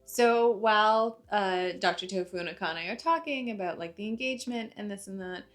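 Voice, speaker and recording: A woman's voice: medium pitch, moderate pace. A young woman talks through an anime episode in a loose, chatty recap. She leans on fillers and trails her sentences into one another, with faint music behind her. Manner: chatty, uses many fillers like "like" and "uh". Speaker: anime reviewer.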